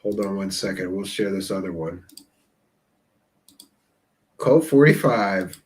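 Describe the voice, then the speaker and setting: A man's voice: sits low, animated, slow, pauses often. A man hosting a live stream, chatting casually with viewers and telling rambling stories through laughter. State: tipsy. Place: Seattle area.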